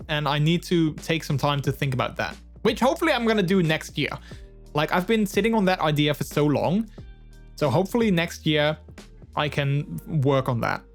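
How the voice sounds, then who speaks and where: A young man chatting casually with his stream viewers in a rambling, playful way, laughing easily and filling pauses. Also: fairly high pitch. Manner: rambling, playful, quick to laugh, many fillers. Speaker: live streamer.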